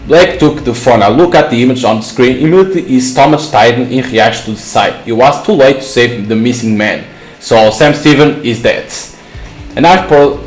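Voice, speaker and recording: A man's voice: medium pitch, roomy sound, rough recording. Man reading a visual novel aloud. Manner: stumbling, self-correcting reading. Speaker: gaming channel host.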